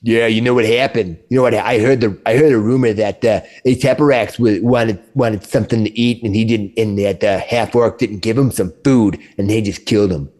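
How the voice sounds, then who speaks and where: A man's voice: lowish voice, fairly even intonation, fairly quick, few pauses, a little mellow, natural voice. A man voicing a chatty male kobold camp worker who talks in broken grammar. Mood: gossipy.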